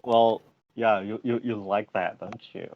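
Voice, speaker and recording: A man's voice: on the low side, fairly even intonation, a little slow, no echo, lo-fi sound. A man co-hosting a podcast, chatting in a crude, joking way and laughing often. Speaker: podcast co-host. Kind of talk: casual banter.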